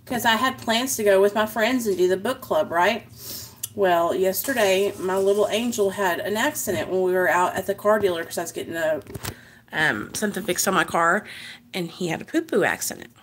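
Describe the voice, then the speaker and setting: A woman's voice: mid-range voice, fairly quick, a little hiss or hum. A young woman and mother talking candidly to viewers in a live video, rambling with lots of "like" and "you know". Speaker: mother sharing her recovery in a live video. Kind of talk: candid casual live chat.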